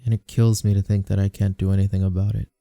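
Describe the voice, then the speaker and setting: Male VA as a devoted boyfriend in a whispered role-play, low, dark and gravelly, soft and pleading, dry close mic. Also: flat delivery, fast, dry recording. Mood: tender. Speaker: comforting boyfriend.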